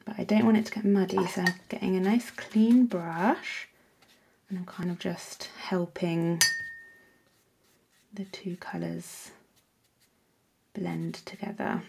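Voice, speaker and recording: A woman hosting a painting tutorial, chatting casually as she works and often dropping into soft whispers. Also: on the low side, steady tone, unhurried, creaky, background noise. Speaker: art workshop host.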